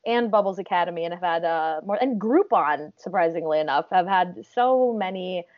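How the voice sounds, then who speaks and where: A woman's voice: lowish voice, expressive, moderate pace. An American woman in her thirties, a comedy performer, chatting on a podcast in a rambling, giggly way with lots of fillers. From United States. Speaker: guest, improv comedian. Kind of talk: casual podcast chat. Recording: dry, muffled lo-fi audio.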